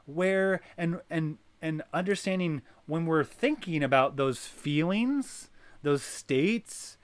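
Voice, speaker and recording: A man hosting a wellness circle, talking in an animated coaching way that is full of "right?" and "you know". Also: on the high side, no room sound. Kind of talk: guided wellness talk.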